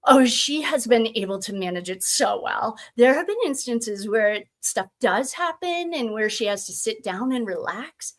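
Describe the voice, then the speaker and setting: A woman's voice: a little high, lively intonation, unhurried, hardly any pauses. A woman reading as a breezy, evasive mother testifying. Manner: breezy, evasive, eager to agree. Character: flustered middle-aged mother on the witness stand.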